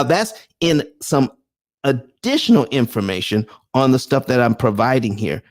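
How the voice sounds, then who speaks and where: A middle-aged man hosting a live stream, reading out viewer comments and answering them in an animated, preacher-like way. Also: on the high side. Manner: animated and preacher-like, calls for amens.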